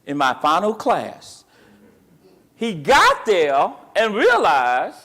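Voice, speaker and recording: Speaking slowly in a high voice, a male Bible class teacher quizzes his students through call-and-response. He recounts the story in lively, everyday speech.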